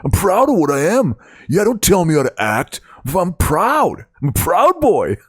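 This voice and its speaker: A man putting on the voice of a loud, aggressive, dim-witted macho man who speaks brashly and boastfully. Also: sits high, sing-song, a little slow, husky, no echo, clean studio sound, voice pushed up, full character voice.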